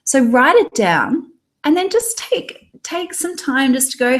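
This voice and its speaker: A woman's voice: sits high, big pitch swings, measured pace. A woman in her thirties with an Australian accent, leading a live online training for tarot readers and reading out viewers' chat comments in an upbeat, encouraging way.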